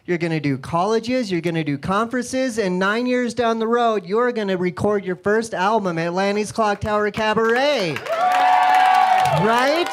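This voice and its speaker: A comedian from Colorado doing an energetic, self-mocking stand-up set on a club stage. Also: female voice, medium pitch, noisy background.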